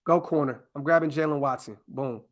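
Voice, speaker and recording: Male podcast host, slightly high voice, excitable and profane, casual live-stream chat with viewers. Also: fairly quick. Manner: excitable, profane, talks straight to his chat. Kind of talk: casual live-stream mock draft commentary.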